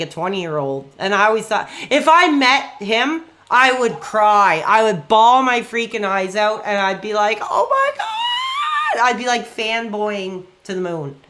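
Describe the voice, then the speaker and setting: A man in his forties talks casually to his stream audience while gaming. His voice sits fairly high and rings bright and forceful. He rambles and gets worked up easily. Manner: excitable, rambling, quick to get worked up. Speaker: live streamer.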